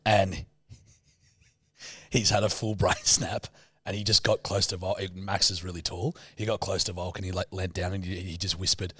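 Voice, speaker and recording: A man's voice: low voice, little pitch movement, normal speed, sharp tone, husky, no echo, clean studio sound. A man, hosting a podcast and telling a story in casual, profane, laughing chat. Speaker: podcast host.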